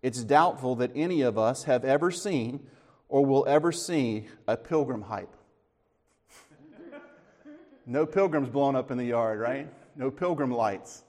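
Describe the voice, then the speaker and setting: Joking dad speaking in a big hall. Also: male voice, medium pitch, a little slow, long pauses. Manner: folksy, tells corny jokes with relaxed asides. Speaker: church speaker. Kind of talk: casual talk before a church audience. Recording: long reverb of a large hall.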